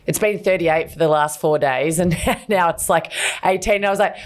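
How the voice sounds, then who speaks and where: A woman with a low voice co-hosts a podcast in easy, casual chat. She talks candidly and rambles a little, with fillers and restarts along the way. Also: moderate pace, a little hiss or hum. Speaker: podcast co-host.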